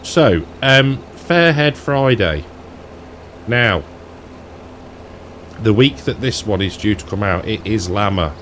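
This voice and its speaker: A man with a low voice talks in an unhurried way as he plays a farming game. He thinks aloud, rambles and chuckles between remarks. A faint hum sits under the desk microphone. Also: lively intonation, fairly bright tone. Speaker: gaming YouTuber. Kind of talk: casual gameplay commentary.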